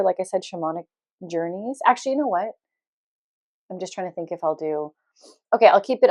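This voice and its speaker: Animated woman telling a story. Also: lowish voice, no echo. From Canada. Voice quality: loud laugh. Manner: animated, laughs often, acts out quotes. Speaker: podcast host. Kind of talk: casual storytelling monologue.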